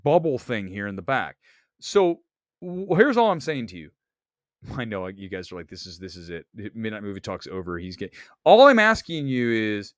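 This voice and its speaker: A man hosting a movie talk livestream, rambling excitably while he stalls and searches on his computer. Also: fairly high pitch, no room sound, clean studio sound. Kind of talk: casual livestream chat.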